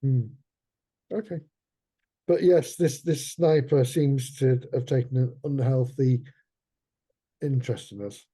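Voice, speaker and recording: A man's voice: mid-range voice, takes it slowly, long pauses, dark tone, breathy edge. A man playing a tabletop role-playing game, chatting in a thoughtful, musing way. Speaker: player. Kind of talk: casual game talk.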